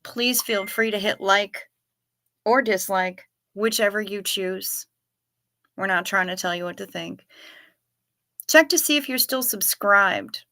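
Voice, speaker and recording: A woman's voice: medium pitch, slow pace, long pauses, sharp tone, no room sound, studio quality. A woman hosting a casual livestream, chatting and reading out viewer comments as she answers them. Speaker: livestream host.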